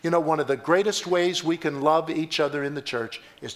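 A man preaching a sermon as pastor, emphatic and storytelling, swinging from loud exclamations to hushed asides. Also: fairly high pitch, fairly quick, few pauses. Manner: storytelling with repeated words and restarts.

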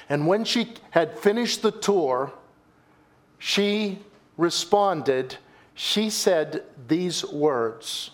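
Emphatic pastor man, slow and lively. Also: fairly high pitch. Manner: dramatic storytelling with emphatic repetition; addresses listeners as folks. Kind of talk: sermon.

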